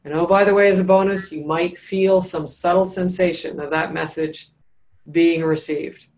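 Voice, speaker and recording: This is a woman leading a breathwork session over a video call. She coaches in an encouraging, instructive way and slows down to model each guided phrase. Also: lowish voice, fairly even intonation, a little mellow.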